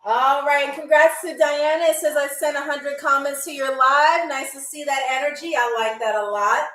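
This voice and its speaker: A woman hosting a live-stream game show, playful and teasing with viewers, often slowing down to repeat words carefully. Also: high voice, fairly even intonation, a bit bright, distant mic, faint music behind. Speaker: game show host on a livestream. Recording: echoey room.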